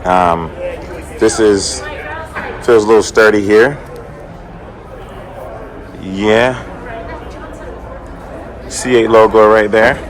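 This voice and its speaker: Hoarse, chatty man hosting a car vlog. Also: on the low side, fairly even intonation, very slow, long pauses, a faint crowd. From American South. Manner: chatty, upbeat, addresses viewers directly. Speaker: car channel host. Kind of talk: casual vlog talk to camera. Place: conference room at a car event.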